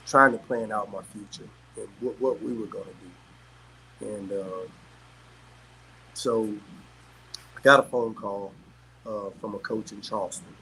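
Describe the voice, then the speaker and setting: A middle-aged man from South Carolina, telling stories as a guest in casual chat, animated and quick to laugh. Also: on the low side, creaky, a little hiss or hum, poor audio. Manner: animated, laughs often, peppers talk with "man". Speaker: guest, former pro athlete. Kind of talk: casual storytelling.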